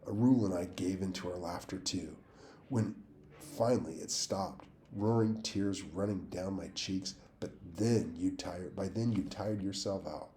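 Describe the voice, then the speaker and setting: Male audiobook reader, low and mellow voice, steady plain read. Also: unhurried, slight background noise. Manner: steady, plain reading with small slips and restarts. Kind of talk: reading a novel aloud.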